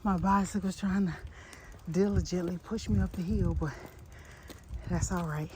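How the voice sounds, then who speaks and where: A woman vlogging from a bike on an outdoor trail, out of breath, laughing at herself between breathy exclamations. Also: fairly low pitch, fairly even intonation, normal speed, a little mellow. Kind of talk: casual chat while biking. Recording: noisy outdoor recording.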